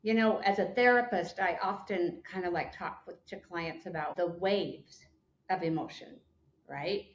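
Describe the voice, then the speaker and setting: Calm affirming woman therapist, roomy sound. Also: fairly low pitch, a little slow, lo-fi sound. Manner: calm, affirming, gently guiding. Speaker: therapist and coach. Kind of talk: faith-based conversational podcast chat.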